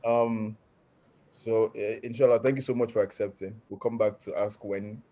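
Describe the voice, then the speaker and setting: A man's voice: lowish voice, level tone, moderate pace, dark tone. A man hosting an online question session over a video call, politely stumbling through restarts. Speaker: host. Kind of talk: moderating an online Q&A.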